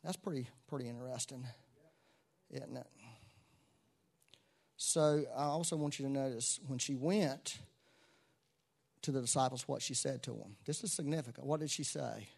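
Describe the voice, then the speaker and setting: A man preaching a sermon to a church congregation, moving between soft asides and loud exclamations. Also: medium pitch, moderate pace, vocal fry, long pauses. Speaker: pastor.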